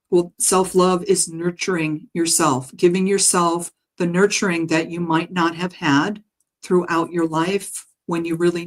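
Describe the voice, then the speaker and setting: A woman reading out a spiritual healing message, her voice sitting low for a woman. She speaks slowly and gently, pausing often and filling the gaps with soft ums. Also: low-quality recording. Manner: gentle, halting, with frequent ums and soft laughs. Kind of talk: guided meditation message reading. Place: home live stream.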